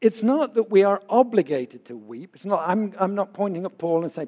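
A man's voice: high voice, expressive, normal speed, warm tone, big-room sound. A man in his sixties, a pastor, giving an earnest, conversational sermon full of personal stories.

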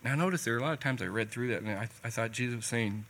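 A man's voice: medium pitch, very fast, a bit bright. A man preaching a sermon in a conversational, folksy way, telling a personal story and retelling what people said.

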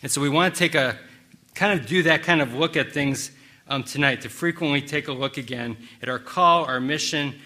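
A man's voice: fairly high pitch, normal speed, pushed and bright. A middle-aged man preaching a sermon as pastor, telling a long, rambling, self-mocking story full of restarts before turning to prayer.

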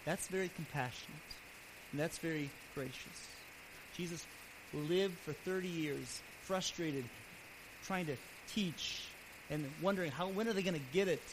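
A man pastor preaching a sermon earnestly, his voice swelling louder and then dropping soft. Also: fairly high pitch, measured pace. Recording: steady background hiss.

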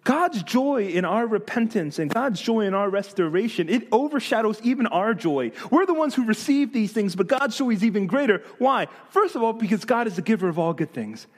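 Man pastor, high-pitched voice, lively sermon delivery with rhetorical questions and light humor. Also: a little fast, few pauses.

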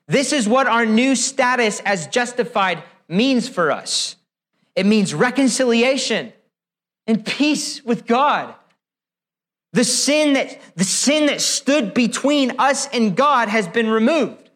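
A man with a strikingly high voice delivers a sermon. He speaks with emphatic, deliberate weight and builds his points through rhetorical questions. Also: lively intonation, fairly bright tone. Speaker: preacher.

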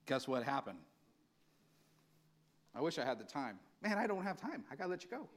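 A man's voice: on the high side, very animated, a little fast. A male pastor preaching an impassioned, conversational sermon, acting out quotes as he goes. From California.

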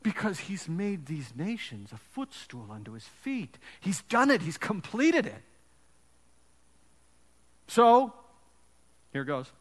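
A man preaching a sermon with an emphatic storytelling delivery and dramatic pauses. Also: high-pitched, sing-song, in a large hall. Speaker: pastor.

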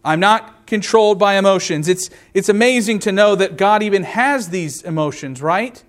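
A man preaching a sermon, reading scripture aloud and explaining it verse by verse, earnest and slowing down to stress key words. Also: high voice. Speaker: pastor.

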